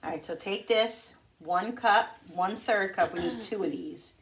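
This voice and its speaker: A woman talking casually to the camera in her home kitchen, chatty and quick to vent when annoyed. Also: medium pitch. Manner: chatty, animated, prone to exasperated venting. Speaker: home cooking vlogger.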